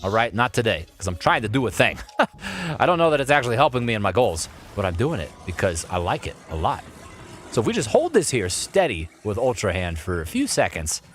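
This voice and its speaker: Male streamer, low voice with wide swings, playful running commentary over soft game music. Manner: playful, talks to game objects and reads chat aloud. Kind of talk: live gameplay commentary. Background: faint game music.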